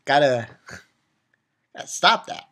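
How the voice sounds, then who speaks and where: A man giving a casual, rambling recap of an anime episode, excitable and quick to swear and laugh. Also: mid-range voice. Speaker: anime reviewer.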